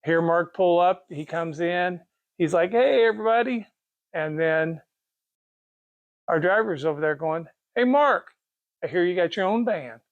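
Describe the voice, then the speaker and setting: A man's voice: on the high side, steady tone, unhurried, no echo, muffled recording. A middle-aged man with a Kansas accent, owner of a race car parts business, telling a rambling, folksy story with restarts and quoted dialogue. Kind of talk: casual storytelling.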